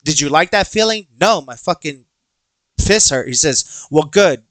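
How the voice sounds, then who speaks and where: His voice sits a little high and moves at a normal speed, captured dry. This young podcast host from Texas shares a personal story in a relaxed way, performing quoted lines in character and cursing freely with lots of energy.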